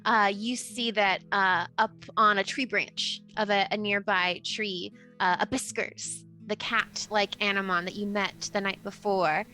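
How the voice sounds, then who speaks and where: A woman's voice: mid-range voice, steady tone, measured pace, few pauses, pushed and bright, soft background music, low-quality recording. A woman narrating as game master in a casual, chatty way.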